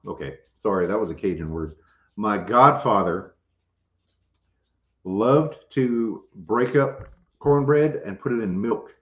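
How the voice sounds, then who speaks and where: A man hosting a casual livestream, chatting with viewers in a laid-back, joking way. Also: on the low side. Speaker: homestead channel host. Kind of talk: casual livestream chat, reading viewer comments. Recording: roomy, dull lo-fi audio.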